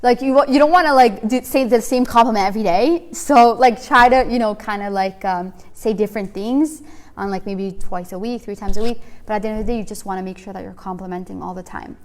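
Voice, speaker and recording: Speaking fairly quickly at a medium pitch, she's a young woman running a women's class in a relaxed, talkative style. She relies on "like" and "you know" and frequently performs little mock dialogues.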